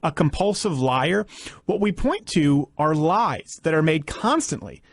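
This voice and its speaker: A man's voice: on the high side, expressive, measured pace, creaky, no room sound. A man narrating a political commentary in an emphatic way, with sarcastic asides.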